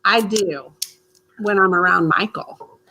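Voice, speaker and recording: A woman's voice: medium pitch, slow, sharp tone, low-quality recording. A middle-aged woman with a Midwestern accent, chatting and telling stories in a family vlog. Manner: chatty, laughing, storytelling. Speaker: vlogger host. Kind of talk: casual family chat.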